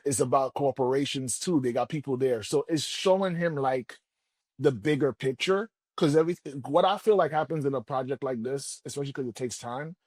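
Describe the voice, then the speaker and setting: A man speaks as a guest book coach in a podcast interview. He talks in a loose, colloquial way and animates his stories by acting out what people say. His voice sits at a middling pitch and sounds dry and close. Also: dry recording. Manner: colloquial, animated storyteller who acts out quotes. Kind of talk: casual interview talk.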